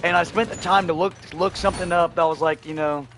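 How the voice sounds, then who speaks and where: Hoarse man chatting on a game stream. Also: fairly high pitch, fairly even intonation, brisk, fairly bright tone, a little hiss or hum. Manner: loose rambling storytelling, laughs often, swears freely. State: losing his voice, hoarse. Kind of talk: casual livestream chat while gaming.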